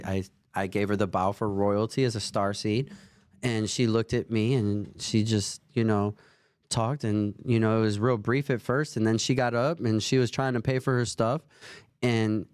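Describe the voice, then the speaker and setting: A man's voice: fairly low pitch, a little mellow, smooth, dry recording, clean studio sound. A man in his forties telling a rambling, earnest faith story in casual conversation as a host. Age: 40s.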